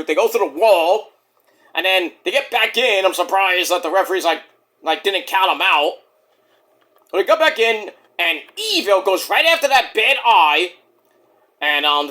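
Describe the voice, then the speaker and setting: A man talks through a wrestling event in a casual review vlog, ranting and cursing as he goes. His voice is bright and forward, and his pitch jumps up and down a lot. He slips into quoted voices of the people he describes. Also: very animated, moderate pace. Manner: profane, ranting, acts out quotes.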